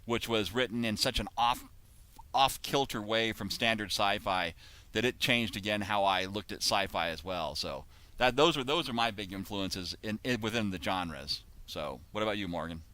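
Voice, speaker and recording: A man's voice: lowish voice, moderate pace, pushed and bright. A middle-aged man, an author hosting a video call, chatting in a rambling way with restarts. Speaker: co-author and host. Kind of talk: casual chat.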